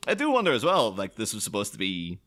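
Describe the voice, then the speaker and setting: A man's voice: lowish voice, huge pitch swings, fast, a bit bright. A man co-hosting a podcast, talking through a film casually, rambling and laughing often as he mimics characters. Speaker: podcast co-host.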